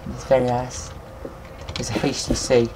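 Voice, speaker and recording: A young man giving casual, excitable game commentary at his computer, swearing often and talking to himself. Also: mid-range voice, normal speed, slight background noise. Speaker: gaming video maker. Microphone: computer mic, no headset.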